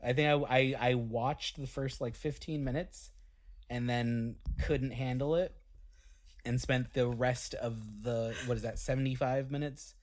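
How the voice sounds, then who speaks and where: A man's voice: medium pitch, steady tone. A man, a band member on a casual podcast, telling stories in a joking, self-deprecating way with lots of fillers. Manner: self-deprecating, quick jokes, filler-heavy.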